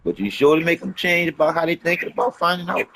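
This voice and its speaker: A man with a fairly high voice that swings widely up and down, preaching his life lessons in loose street slang. He circles back on the same phrases, punches them with profanity, and keeps pressing his point like a sermon off the cuff. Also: lively intonation, quick pace, a bit bright, a little hiss or hum. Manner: emphatic, profane, repetitive preaching. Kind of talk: rambling motivational monologue.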